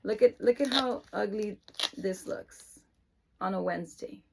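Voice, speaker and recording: Middle-aged mother, casual vlogger, unhurried and sincere, emotional edge. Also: medium pitch, creaky, background noise. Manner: emotional, earnest, lapses into excited praise voice. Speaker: mother of an autistic son. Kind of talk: casual explanatory vlog.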